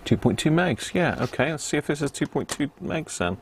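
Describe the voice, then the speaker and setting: A man's voice: a little high, sing-song, fairly quick, a little hiss or hum. A middle-aged man with a Devon accent, hosting a live stream as he repairs a radio, muttering readings to himself and chatting casually with viewers. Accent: Devon English. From Devon, England. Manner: thinks aloud, mutters readings, chats with viewers. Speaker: radio repair livestream host.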